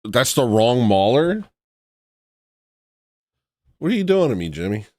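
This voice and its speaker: A man's voice: mid-range voice, sing-song, measured pace, a little mellow, no echo. Dry-voiced joking livestream host, a man. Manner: joking, sarcastic, laughs often. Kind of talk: casual reaction commentary.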